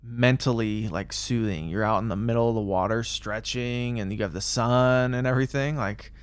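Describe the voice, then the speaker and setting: A man's voice: medium pitch, smooth, dry recording. A man from California hosting a podcast, easygoing and chatty. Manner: easygoing, chatty, quick to agree. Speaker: podcast host. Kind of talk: casual podcast interview.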